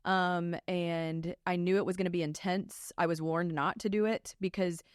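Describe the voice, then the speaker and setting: A woman in her thirties, a family law attorney and co-host, telling personal stories in a casual, animated way, full of "like" and "um". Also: fairly low pitch, normal speed, clean tone, dry recording, studio quality. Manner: animated, frequent "like" and "um" fillers. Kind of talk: casual podcast storytelling.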